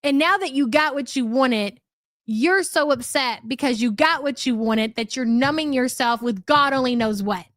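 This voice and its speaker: A woman's voice: sits high, normal speed, a bit bright, dry recording, clean studio sound. A woman hosting a live commentary stream, chatty and sarcastic as she reacts to clips and thanks viewers. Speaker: livestream commentary host.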